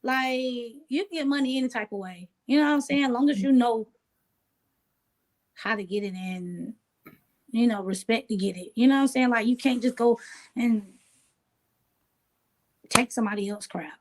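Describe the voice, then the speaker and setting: A woman's voice: on the high side, normal speed, pauses often. Laid-back woman in a casual interview. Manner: relaxed, streetwise, keeps saying "you know what I'm saying". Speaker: interview guest.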